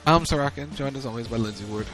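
A man hosting a casual wrestling recap show, playful, with quick sponsor reads. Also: medium pitch, a bit bright, faint music behind, poor audio. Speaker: host.

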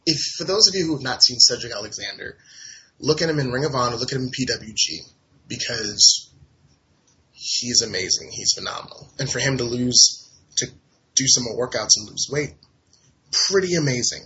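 A man co-hosting a wrestling podcast, recapping matches in animated casual chat. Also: mid-range voice, normal speed. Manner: animated, laughing, does mock voices in quotes. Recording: dull lo-fi audio.

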